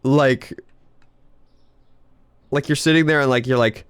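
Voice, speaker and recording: A man's voice: medium pitch, steady tone, a little slow, smooth, no room sound. A man streaming a video game, chatting casually in a rambling way, laughing often and swearing freely. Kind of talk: casual live-stream chat while gaming.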